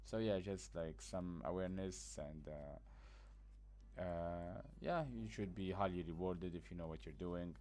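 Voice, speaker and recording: Sleepy low-voiced man explaining a game. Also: steady tone, a little slow, dark tone. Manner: blunt, rambling, frequent fillers. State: sleepy, just woke up. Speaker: gaming guide creator. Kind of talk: casual gameplay tutorial commentary.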